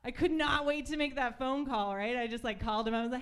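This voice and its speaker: A woman's voice: fairly high pitch, fast, clean tone. A young woman telling stories in a stand-up comedy set on a club stage, chatty with lots of fillers and acted-out voices.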